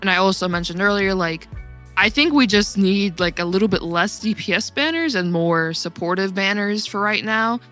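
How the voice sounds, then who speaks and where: A woman's voice: medium pitch, normal speed, fairly bright tone, faint music behind. A young woman talking in a casual gaming podcast chat, rambling and laughing often, her voice getting worn. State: losing her voice. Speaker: podcast guest.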